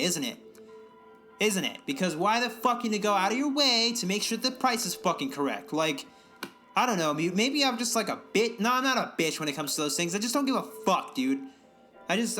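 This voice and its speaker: A young man on a casual podcast, ranting and swearing freely while mimicking other people. His voice sits high and sounds bright and forceful, with faint music playing underneath. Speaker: podcast co-host. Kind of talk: casual profane rant.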